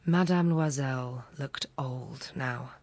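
A woman narrating a literary story in a measured, dramatic way. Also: very deep voice, no echo. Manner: measured, dramatic, softly breathy. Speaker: audiobook reader.

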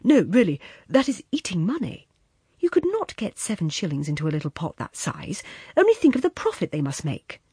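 A wistful, earnest man who muses softly about the past, read by a woman. The voice is husky and breathy, with a lively, rising and falling delivery. It sounds close and dry, with no room around it. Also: high-pitched, a little fast, no room sound, full character voice. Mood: amused. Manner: soft, earnest, musing. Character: wistful, wheedling former young lover, man.

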